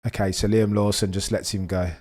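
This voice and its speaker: A young man hosting a live race watch-along stream, chatting with viewers and reacting excitedly as the race unfolds. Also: fairly low pitch, fairly quick. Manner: excitable, chatty, reads chat messages, swings from muttering to excited shouting.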